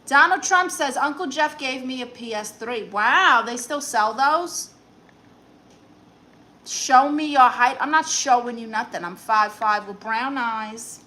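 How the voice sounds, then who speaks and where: Brash Brooklyn woman, bright forceful tone, a bit high, sassy comic live-stream banter. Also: unhurried. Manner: brassy, sassy, teasing banter. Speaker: comedian reading live chat comments. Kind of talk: live-stream chat in a sassy aunt persona.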